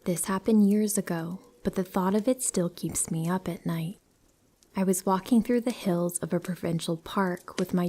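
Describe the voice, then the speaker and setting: A woman reading true horror stories aloud in a soft, hushed storytelling voice that often drops to a whisper. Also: lowish voice. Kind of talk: scripted narration of listener stories.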